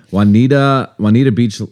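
A man's voice: mid-range voice, steady tone, a little slow, a little mellow. A man co-hosting a podcast in casual chat, joking and teasing his co-host. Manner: joking, teasing, laughs often.

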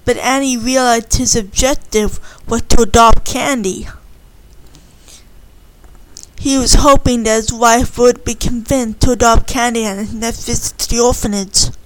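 A woman's voice: fairly high pitch, steady tone, moderate pace, hardly any pauses, no echo, rough recording. A woman casually retelling a story in simple, earnest words.

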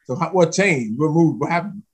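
A man's voice: on the high side, animated, moderate pace, slightly rough. A man hosting a podcast, asking casual, curious questions and often restarting mid-sentence. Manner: curious, loose phrasing, restarts his questions. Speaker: podcast host.

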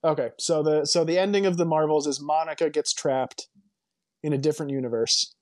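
Man, podcast co-host, slightly high voice, dry close sound; chatty and opinionated. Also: fairly even intonation, brisk, dry recording. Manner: rambling, emphatic, full of restarts and opinions. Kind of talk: casual movie podcast chat.

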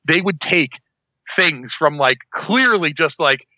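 A man co-hosting a podcast in casual chat, talking in a rambling, animated way and often breaking off and restarting. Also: fairly high pitch, slow, dry recording, muffled recording. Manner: rambling, animated, self-interrupting. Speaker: podcast co-host.

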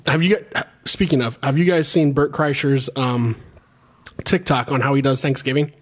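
A man's voice: mid-range voice, steady tone, normal speed. A man hosting a podcast, telling a long story in a rambling, laughing way, swearing now and then. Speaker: podcast host. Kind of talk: casual chat.

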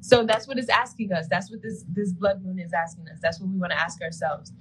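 Her voice is fairly low and steady, a touch fast, over a noisy background. Co-hosting a casual live stream, she loosely explains astrology, chatting with lots of "like" and laughing often.

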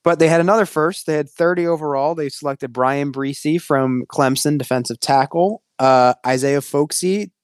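Smooth-voiced young man moderating a sports podcast. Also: on the high side, steady tone, dry recording, clean studio sound. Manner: brisk, steers the talk, reads out picks. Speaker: podcast host running the segment.

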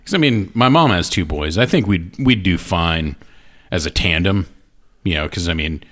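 A man's voice: deep voice, animated, normal speed, fairly bright tone. A man co-hosting a casual chat, laughing often and joking crudely. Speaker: podcast co-host.

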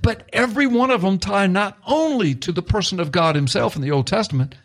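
A middle-aged male pastor teaching excitedly on a talk show, reading scripture aloud with rising emphasis. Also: high voice, brisk.

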